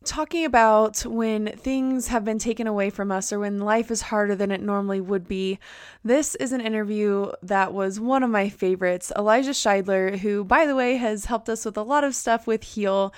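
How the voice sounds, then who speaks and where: A woman's voice: medium pitch, moderate pace, smooth, no echo, studio quality. A woman hosting a faith podcast, introducing an episode and affirming her guests as they speak. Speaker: podcast host.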